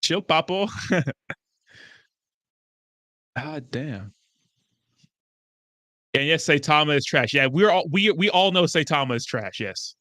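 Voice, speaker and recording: Profane, bright-voiced crypto streamer man. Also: fairly high pitch, slow, pauses often, no echo, studio quality. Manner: profane, excitable, talks back to chat. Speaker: crypto YouTuber host. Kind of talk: livestream commentary answering chat.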